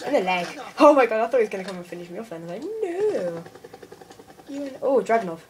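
A woman giving excitable gameplay commentary, often exclaiming in alarm. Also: medium pitch, racing. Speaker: gamer. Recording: noisy game audio behind.

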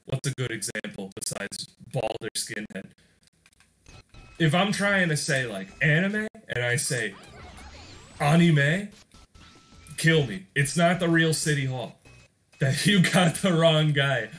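A man's voice: medium pitch, a bit bright. A young man hosting a gaming channel, giving casual gameplay commentary in a rambling, joking way and often laughing mid-sentence.

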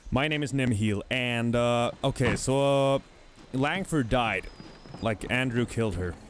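A man giving casual gameplay commentary as host of a let's play, thinking aloud in a musing, halting way. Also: medium pitch, slight background noise. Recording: game music clearly behind.

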